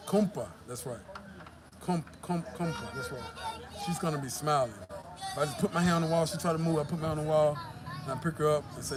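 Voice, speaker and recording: A man's voice: medium pitch, steady tone, fast talker. Tired, profane man vlogging outdoors. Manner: loose, profane, storytelling. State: tired after the gym. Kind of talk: casual vlog talk. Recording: loud traffic and street noise.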